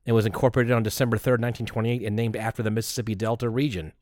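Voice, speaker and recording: A man's voice: mid-range voice, fairly even intonation, rapid-fire, darkish tone, dry recording, clean studio sound. A man chatting casually as a podcast co-host, who laughs easily, cuts in and riffs on the jokes. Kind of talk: casual chat.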